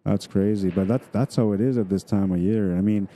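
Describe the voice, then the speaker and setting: A man's voice: lowish voice, fairly even intonation, fairly quick, dark tone. A middle-aged man from Manitoba with a Canadian accent, rambling casually as a pool stream commentator and reading viewer comments aloud.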